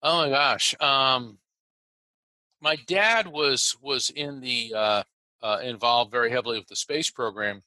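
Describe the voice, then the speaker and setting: A man from the United States, an interview guest telling a personal story, animated and halting with many restarts. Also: medium pitch, dry recording, poor audio.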